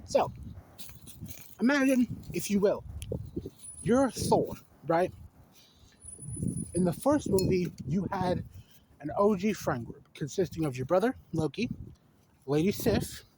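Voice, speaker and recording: A video essayist with a strikingly high voice rambles through a casual rant about films, restarting sentences and piling on fillers as his exasperation grows. He speaks slowly with lively intonation and long pauses, apparently recorded on a phone camera at home over a faint noise.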